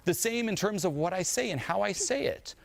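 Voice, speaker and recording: A man's voice: sits high, lively intonation, fairly quick, gravelly. A man who is a life coach and speaker, giving a motivational talk in an emphatic, direct manner.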